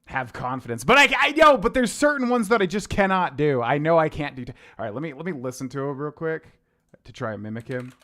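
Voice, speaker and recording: A young male game streamer with a slightly high, sharp voice and big pitch swings talks briskly over game music. His commentary is casual, chatty and rambling, and he hums and scats to himself between thoughts.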